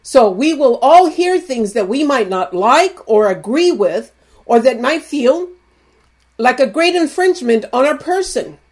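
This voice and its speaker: A woman preaching with a fairly high voice. Her delivery is emphatic and animated, and she often stops to ask "Amen?" as she drives her points home. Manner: emphatic, punctuates points with 'Amen?'; animated, acts out quoted voices. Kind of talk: sermon.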